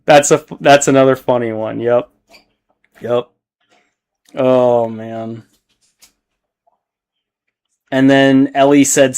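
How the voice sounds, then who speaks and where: A man's voice: mid-range voice, lively intonation, slow, long pauses. A man chatting casually on a livestream while painting, rambling and swearing freely as he reacts to his chat.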